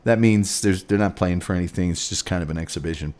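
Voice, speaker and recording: A man's voice: sits low, quick pace, a little mellow. A man hosting a casual sports show, rambling through scores with sarcastic asides. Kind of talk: casual sports commentary and rants.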